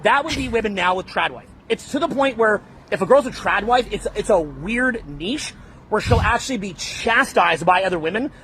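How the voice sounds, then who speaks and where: A man from Canada lectures on dating in a brash, blunt way and keeps calling his listener bro. His voice sits high for a man. Faint background noise runs under the recording. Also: animated, moderate pace, a bit bright. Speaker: dating coach. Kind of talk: lecture-style advice talk.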